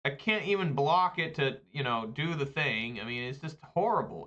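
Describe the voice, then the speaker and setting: Man, card game commentator, bright voice, swearing, exasperated. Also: a little high, animated, moderate pace, hardly any pauses, muffled recording. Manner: profane, exasperated ranting. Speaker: online card game player. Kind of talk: live gameplay commentary.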